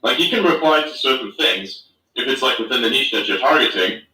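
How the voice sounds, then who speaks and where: A man's voice: mid-range voice, expressive, a little fast, bright, forceful tone. Rambling man, roomy distant sound. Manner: rambling, swears, many fillers. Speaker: host of an online audio space. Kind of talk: casual chat. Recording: roomy, distant online audio.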